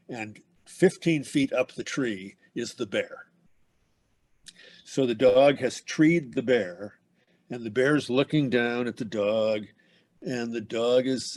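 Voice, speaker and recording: A man hosting a book club, telling a rambling anecdote and laughing as he goes. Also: medium pitch. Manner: rambling, laughs through his story.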